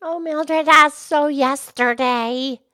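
A woman's voice: high-pitched, slow, sharp tone, no echo, clean studio sound, exaggerated voice. A woman voicing a cheerful, enthusiastic pig who hosts a children's educational show. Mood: upbeat. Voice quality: bubbly, enthusiastic. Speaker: show host.

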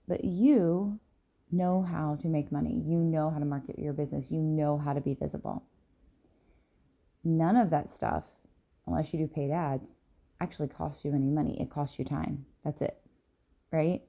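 A woman's voice: deep voice, fairly even intonation, normal speed, gravelly, long pauses, mellow. A woman hosting a casual solo podcast, talking candidly and a little rambling, with many ums and "right?" tags, tired and yawning in the early morning. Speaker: podcast host and business coach.

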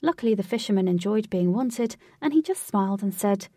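A woman narrating a storybook in an even, clear reading voice. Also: mid-range voice, brisk, no echo, studio quality, far from the mic.

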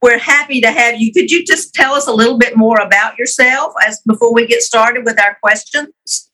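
A woman with a Southern US accent, co-hosting a podcast interview with friendly, unhurried introductions. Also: a little high, pushed and bright, low-quality recording. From Alabama, USA. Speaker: podcast co-host.

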